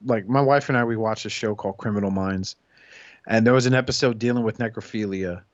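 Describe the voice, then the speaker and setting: A brisk man with a lowish voice co-hosts a casual podcast, rambling through stories and swearing freely. The audio has a dull, lo-fi quality.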